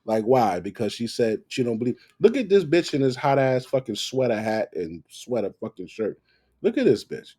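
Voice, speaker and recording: A man hosting a reaction video, giving loud, profane, mocking commentary. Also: medium pitch, sing-song, moderate pace, slightly rough.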